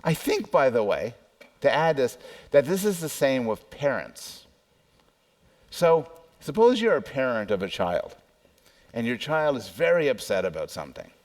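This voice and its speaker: Animated male professor lecturing. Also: mid-range voice, measured pace. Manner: conversational, asks the audience questions and adds personal asides. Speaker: psychology professor giving a lecture. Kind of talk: public lecture.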